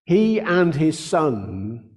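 An older man preaching a sermon, earnest in tone, slowing down to stress key words. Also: fairly high pitch, very animated, a little mellow. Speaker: pastor.

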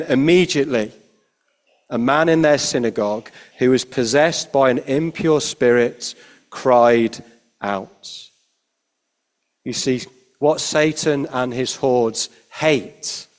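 A man preaching a sermon, measured and emphatic, his phrases falling quiet at the ends. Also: medium pitch.

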